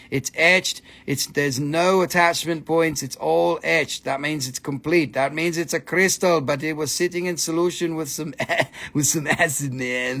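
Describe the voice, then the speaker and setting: A man's voice: a little high, creaky, fairly bright tone. A man hosting a live sale, joking around, chanting and laughing a lot. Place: indoor shop.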